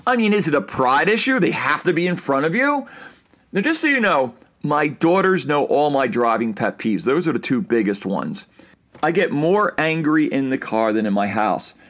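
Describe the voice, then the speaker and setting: A middle-aged man talks through his everyday gripes on a solo podcast. His voice sits a little high for a man, and he rants in an exasperated, animated way. He jumps into sudden mock yelling and then drops back to a plain telling tone. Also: moderate pace. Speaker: podcast host. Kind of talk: casual solo podcast talk.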